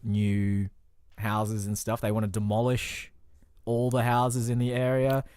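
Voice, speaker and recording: A man co-hosting a podcast in casual comedic chat, throwing quick quips and finishing his partner's sentences. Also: lowish voice, completely flat delivery, darkish tone, smooth, no room sound. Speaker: podcast co-host.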